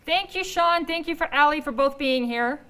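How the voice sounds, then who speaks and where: A woman's voice: high voice, normal speed, sharp tone, a little hiss or hum, poor audio. Chatty joking woman hosting a talk show. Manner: chatty, joking, self-deprecating. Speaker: host of a medical talk show. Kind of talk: casual studio chat. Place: TV studio.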